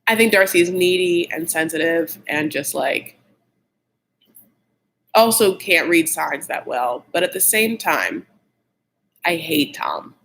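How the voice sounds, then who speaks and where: A man's voice: lively intonation, a little slow, gravelly, fairly bright tone, a little hiss or hum, low-quality recording. A man hosting a casual, gossipy recap of a TV show, blunt and opinionated, saying "like" constantly. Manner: catty, blunt and opinionated, heavy use of "like"; shifts pitch often when worked up.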